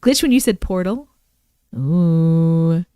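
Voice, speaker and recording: A woman hosting a casual livestream, excitable and quick to exclaim at viewers' comments. Her voice sits a little high and comes through smooth and resonant. The sound is close and dry, with no room around it. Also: dry recording. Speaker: livestream host reading viewer stories.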